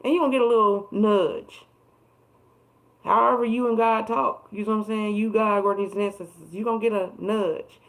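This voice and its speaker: A woman's voice: mid-range voice, steady tone, normal speed, low-quality recording. A woman giving a casual, emphatic tarot reading on a livestream, with plenty of swearing and repeated words for emphasis. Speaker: tarot reader.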